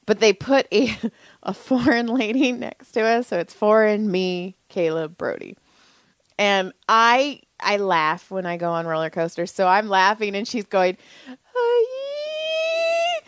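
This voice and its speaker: A woman in her thirties co-hosts a podcast, speaking at medium pitch and a measured pace in a clean tone with no room sound, though the audio is poor. She tells a family story in casual chat, laughing often and acting out the voices of those she quotes.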